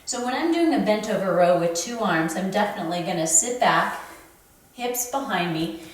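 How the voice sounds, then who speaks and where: Woman in her fifties, fitness instructor, encouraging, slightly winded, slow and unhurried, recorded far off in a very echoey room. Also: medium pitch. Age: 50s. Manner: encouraging, counts reps while lifting. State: a little out of breath. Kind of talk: home workout demonstration. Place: home room.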